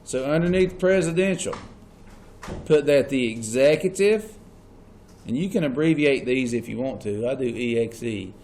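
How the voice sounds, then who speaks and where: A man's voice: medium pitch, expressive, normal speed, darkish tone. Man, teacher, classroom lecture, repeats key points, faint room noise.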